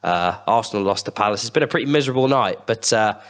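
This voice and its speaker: Low-voiced laid-back male podcast host. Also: lively intonation, fast talker, a bit bright. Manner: laid-back, joking, trailing off mid-sentence. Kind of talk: casual football chat.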